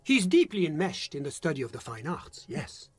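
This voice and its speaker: A man voicing a polished, evasive male diplomat in a video game, speaking politely and smoothly while dodging questions. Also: fairly high pitch, big pitch swings, moderate pace. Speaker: foreign diplomat questioned by a detective.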